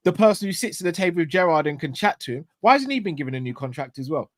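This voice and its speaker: A man co-hosting a fan talk show, arguing back as a player's agent with quick, argumentative comebacks. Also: on the high side, lively intonation, no room sound, clean studio sound.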